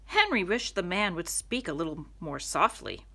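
A woman reading a children's storybook aloud to young listeners, in an expressive storytelling manner. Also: on the low side, normal speed, creaky.

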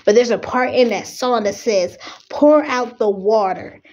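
A woman's voice: on the high side, measured pace, darkish tone, low-quality recording. A young adult woman, preaching with rising fervor and fighting back tears. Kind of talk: impassioned preaching.

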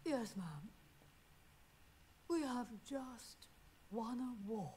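An actress playing a stern female prime minister who speaks in a brisk, clipped, matter-of-fact way in a television drama. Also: on the high side, lively intonation, dark tone, a little hiss or hum. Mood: firm.

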